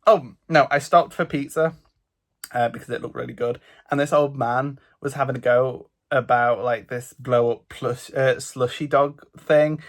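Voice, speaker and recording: A man from England with a British accent, recapping his solo trip in a chatty, animated vlog with a slightly stuffy nose. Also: medium pitch, a little slow. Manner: chatty, animated storytelling with lots of "like". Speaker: vlogger. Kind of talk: casual travel vlog recap.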